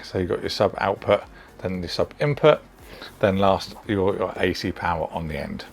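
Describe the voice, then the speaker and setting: A British man giving a relaxed, chatty overview of audio gear he is testing, with the odd um and like. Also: on the low side. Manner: relaxed, chatty, sprinkled with ums and likes. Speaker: tech reviewer. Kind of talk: casual product overview.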